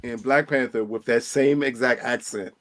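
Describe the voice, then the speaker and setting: A man's voice: medium pitch, steady tone, normal speed, a bit bright. A man hosting a casual podcast, teasing his guests and repeating his points with emphasis. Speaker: podcast host. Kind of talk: casual banter.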